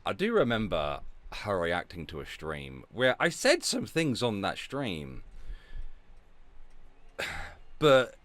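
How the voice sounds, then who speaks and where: A man hosting a casual livestream rant, sarcastic and mocking, dropping from low mutters to loud announcements. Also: wildly swooping pitch, takes it slowly, long pauses, no echo. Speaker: streamer host.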